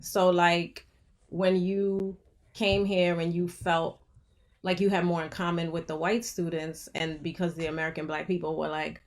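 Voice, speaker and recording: A woman explaining her view in casual podcast chat, deliberate and explanatory. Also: on the low side, flat delivery. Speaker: podcast co-host.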